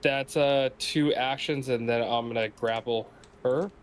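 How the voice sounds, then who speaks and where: A man's voice: medium pitch, steady tone, measured pace, a little hiss or hum. A man playing a tabletop role-playing game in a casual, joking way. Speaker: player.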